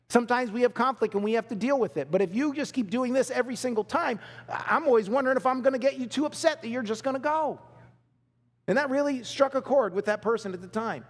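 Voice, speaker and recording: High-voiced pastor preaching in a reverberant hall. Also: male voice, fast. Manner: emphatic, repeats key phrases, laughs with the congregation. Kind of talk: sermon. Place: church hall.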